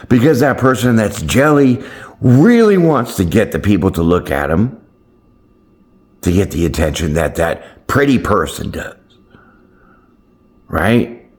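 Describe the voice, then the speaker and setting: Male channel host, deep low register, laid-back upbeat pep talk, slangy, keeps checking in with the audience. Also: a little mellow. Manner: keeps checking in with "right?" and "my friends"; loose, slangy and upbeat, with playful swearing. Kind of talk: casual motivational chat to camera.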